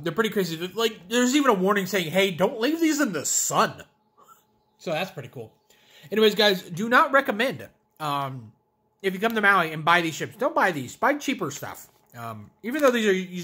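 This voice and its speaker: A man's voice: high-pitched, sharp tone, husky. A man reviewing potato chips in a casual vlog, ranting sarcastically, swearing and restarting his sentences. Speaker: food reviewer. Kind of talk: casual vlog taste test.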